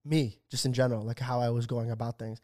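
A young man in his twenties talks fast and loose on a podcast mic, his voice sitting at an ordinary middle pitch. He tells his story with animated swearing and puts on the voices of the people he quotes. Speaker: podcast co-host. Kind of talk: casual podcast chat.

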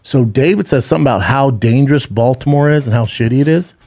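A man's voice: mid-range voice, fast talker, a little mellow. A man co-hosting a casual podcast, spinning a long story. He acts out every quote with gusto and curses freely as he goes. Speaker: podcast co-host.

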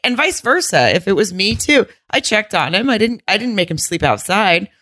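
A woman's voice: mid-range voice, sing-song, normal speed, pushed and bright. A woman from the Southern United States co-hosting a podcast, blunt and rambling in casual chat. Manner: blunt, rambling, swears freely. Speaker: podcast co-host.

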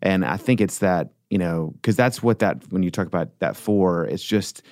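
Deep-voiced man, earnest and rambling. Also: normal speed, darkish tone, dry recording, clean studio sound. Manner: earnest, rambling with frequent restarts and fillers. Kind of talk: reflective casual conversation.

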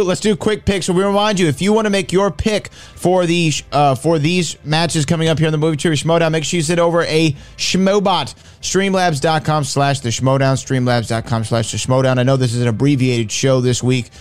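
Man, show host, chatty, slightly high voice, faint music behind. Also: steady tone, a little fast, few pauses. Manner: loose and chatty, with filler ums. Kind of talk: casual show hosting.

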